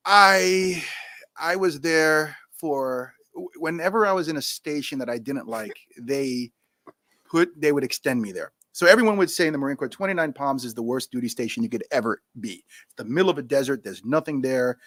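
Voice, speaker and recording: Male podcast guest, casual storyteller, animated, does voices, dry close mic. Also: medium pitch, moderate pace, no room sound. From New York. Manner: animated, acts out quoted voices, laughs often.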